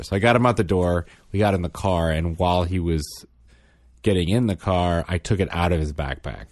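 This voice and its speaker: A man's voice: brisk, dry recording, clean studio sound. A man and father, casually telling a story on a podcast and acting out the quotes in his anecdote. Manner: animated, acts out quotes in higher and lower voices. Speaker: podcast co-host.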